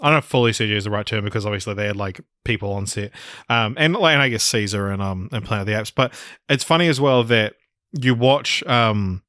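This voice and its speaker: A man's voice: fairly low pitch, quick pace, fairly bright tone, no room sound, clean studio sound. A man co-hosting a casual film podcast, talking with rambling enthusiasm and swearing freely. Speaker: podcast co-host.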